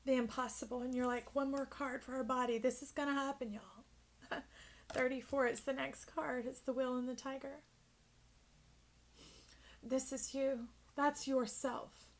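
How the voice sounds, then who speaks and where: A woman giving an intuitive tarot reading, speaking effusively and emphatically straight to the listener, at times dropping into a hush. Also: high voice, steady tone, unhurried. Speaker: tarot reader.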